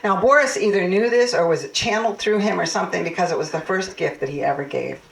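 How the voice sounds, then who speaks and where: A woman's voice: lowish voice, fast, gravelly, crowd noise. A woman minister giving a heartfelt, personal sermon and a blessing for a couple's anniversary. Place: church sanctuary. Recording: echoey hall, mic far off.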